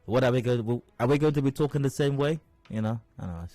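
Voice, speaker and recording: A radio host in his studio speaks quickly in a mellow, mid-range voice, delivering wry rhetorical commentary on his talk show and repeating phrases to drive points home.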